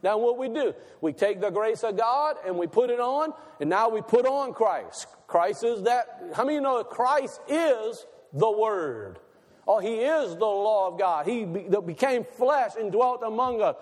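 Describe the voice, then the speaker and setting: High-voiced preacher in a reverberant hall. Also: male voice, expressive, darkish tone. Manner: asks the audience questions, slows for emphasis. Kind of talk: sermon.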